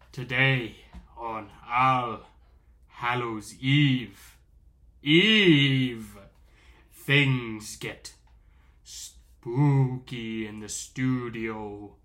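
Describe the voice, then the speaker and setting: A man putting on a theatrical podcast announcer voice, narrating a mock trailer with a drawn-out delivery. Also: medium pitch, pushed and bright.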